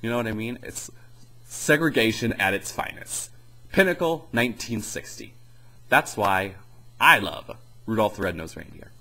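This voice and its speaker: A man's voice: on the low side, animated, normal speed, pushed and bright, poor audio. A young man giving a rambling, sarcastic comedy review in casual chat. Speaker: video reviewer.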